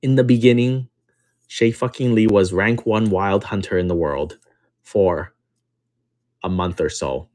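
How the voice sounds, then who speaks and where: A man's voice: fairly low pitch, unhurried, long pauses, darkish tone. Brash, profane man streaming card breaks. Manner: brash, profane, repeats phrases for emphasis; counts down and calls out card numbers while telling a story. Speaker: card-breaking livestream host. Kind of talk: casual livestream storytelling.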